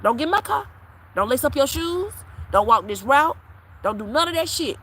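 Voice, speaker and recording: A woman's voice: high voice, big pitch swings, moderate pace, poor audio. A woman tarot reader talking bluntly and profanely to her followers in a live-stream chat. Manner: brash, profane, preachy, with sudden loud peaks.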